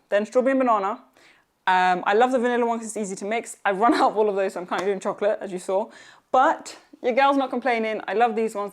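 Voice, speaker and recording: A young woman talking through her home workout in a casual vlog, chatty, upbeat and encouraging, with a self-teasing streak. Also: medium pitch. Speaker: fitness vlogger. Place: home workout, partly outdoors.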